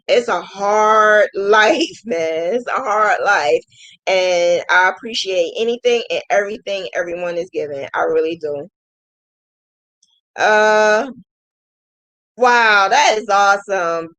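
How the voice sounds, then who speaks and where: A woman's voice: medium pitch, fairly bright tone, low-quality recording. A woman hosting a casual crochet livestream, thanking viewers emotionally and laughing often. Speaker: crochet channel host.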